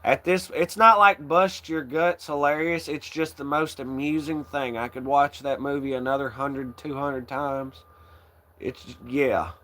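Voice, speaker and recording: Chill young guy rambling slow, kinda bright voice, swears a ton, lots of laughing. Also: mid-range voice, steady tone. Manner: laid-back, rambling, swears a lot, laughs often. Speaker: channel host. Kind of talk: casual chat.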